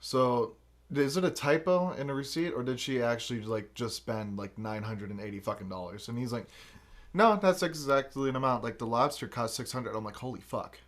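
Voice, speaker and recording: On a casual podcast, a male host with a mid-range voice talks a little fast while telling a story. He's an animated storyteller who swears freely and acts out the quotes himself.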